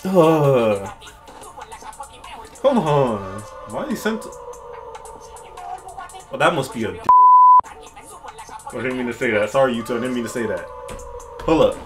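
A man giving casual, excitable, slang-filled reaction commentary to a music video, often laughing. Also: mid-range voice, normal speed, pauses often. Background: music track playing.

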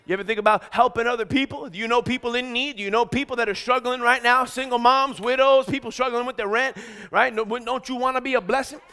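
A middle-aged man preaching a sermon, energetic and exhorting, calling out lines for the congregation to repeat and shouting emphatic points. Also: extremely high pitch, quick pace. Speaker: pastor.

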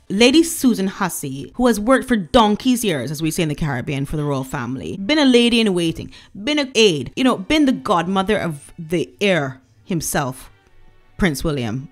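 Barbadian lady vlogger ranting, scornful and emphatic, voice jumps all over, soft music behind. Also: mid-range voice, very animated, normal speed. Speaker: commentary vlogger. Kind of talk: opinion rant.

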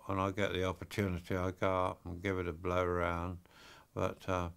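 An older man, an aerobatic pilot, talking casually with relaxed hesitations. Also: deep voice, moderate pace, vocal fry, smooth. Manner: relaxed, hesitant with many fillers. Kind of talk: casual interview.

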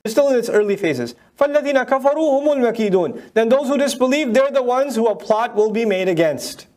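A man teaching a Quran commentary lecture, firing mocking rhetorical questions and reciting Arabic verses rapidly. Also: very high-pitched, animated, darkish tone. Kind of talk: tafsir lecture.

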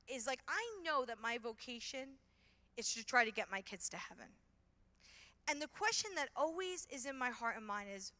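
An animated woman telling stories at a conference, full of fillers and quick restarts. Her voice is high and bright. A long reverb trails after her words in a large hall. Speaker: conference speaker. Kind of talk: storytelling conference talk.

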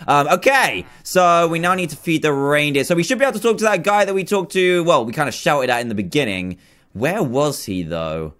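Excitable gamer guy, jokey, voice bounces up and down a lot. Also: fairly high pitch, fairly quick. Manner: excitable, jokey, thinks aloud while playing. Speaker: gaming youtuber. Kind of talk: casual let's-play commentary.

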